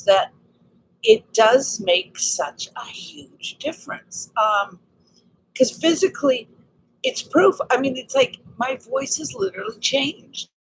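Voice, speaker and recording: Earnest woman, slightly raspy voice. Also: high voice, low-quality recording. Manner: earnest, excited, spiritual self-help talk. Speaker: vlogger. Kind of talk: casual personal vlog.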